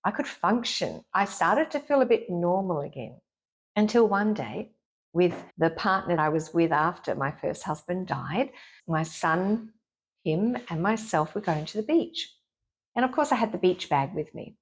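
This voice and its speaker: A middle-aged woman, a therapist, frankly and lively telling a personal story as a guest in an interview. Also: lowish voice, a little slow, breathy edge. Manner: frank and lively, acts out her own inner voice.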